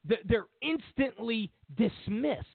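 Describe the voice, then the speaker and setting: A man's voice: extremely high pitch, takes it slowly, vocal fry, no room sound. A man hosting a political commentary show, delivering an emphatic, opinionated monologue that repeats and lists points with sarcastic asides. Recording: tinny phone-like dry sound.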